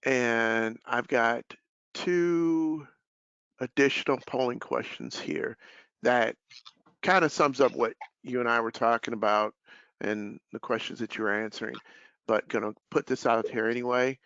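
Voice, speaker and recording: A man with a gravelly, creaky voice hosts a business webinar in a casual, relaxed manner, working through questions and closing remarks. The audio is dry and a bit dull, as over a video call. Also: mid-range voice, a little slow, no echo. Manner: casual, relaxed, filler-heavy. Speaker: webinar host, life sales director.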